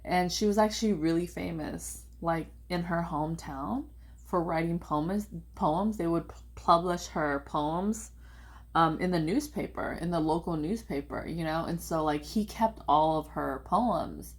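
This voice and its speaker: A young woman telling a personal family story in a casual, rambling way, full of "like" and animated quotes of her parents. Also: on the low side, measured pace. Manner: rambling, heavy use of "like", animated quoting of family.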